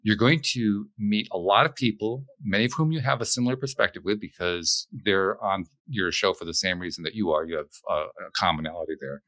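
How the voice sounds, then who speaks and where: A middle-aged man talking as a podcast guest, animated, thinking aloud with frequent restarts. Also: lowish voice, brisk, hardly any pauses, no room sound. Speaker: podcast host, guest here. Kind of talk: conversational interview.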